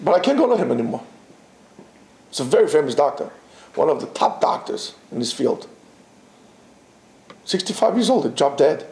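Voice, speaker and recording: A man teaching a Torah class to students, animated and full of rhetorical questions and restarts. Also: a little high, normal speed, gravelly, pauses often, echoey room. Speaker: yeshiva teacher.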